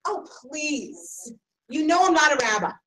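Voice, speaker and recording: A woman teaching a Talmud class, questioning her students in an animated way and correcting herself quickly. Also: high-pitched. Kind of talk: interactive class discussion. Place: classroom with a live audience. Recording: distant mic in a room, faint noise.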